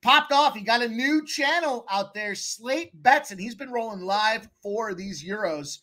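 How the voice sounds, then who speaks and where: A man hosting a sports betting live stream, hyping up his guests with slangy shout-outs in casual chat. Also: high voice, measured pace. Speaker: host of a sports betting show.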